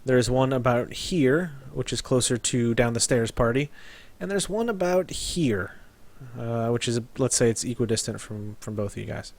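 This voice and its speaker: A man's voice: mid-range voice, expressive, moderate pace. A man running a tabletop game as game master, narrating casually and laughing often. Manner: casual, with frequent laughs and fillers.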